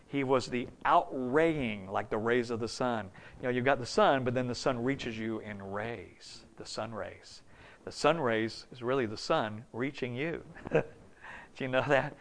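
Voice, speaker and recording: A man in his fifties preaching a folksy, story-filled sermon, dropping to a hush and then rising loud and high. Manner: folksy, storytelling, swings between hushed and loud.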